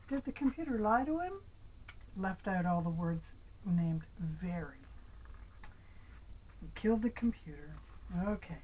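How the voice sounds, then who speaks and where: Slow, mellow grandmother reading aloud. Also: lowish voice, animated, a little hiss or hum, low-quality recording. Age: older. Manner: gentle, asks the child questions, sometimes whispers. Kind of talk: reading a picture book aloud to a child.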